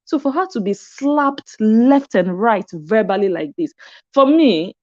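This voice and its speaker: A woman talks through social media gossip in a chatty, reflective way and pauses to think aloud. Her pitch sits in the middle of the range. The sound is a little dull and lo-fi. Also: lively intonation. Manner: chatty and reflective, with frequent "hmm" reactions. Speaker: commentary vlogger. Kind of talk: casual commentary.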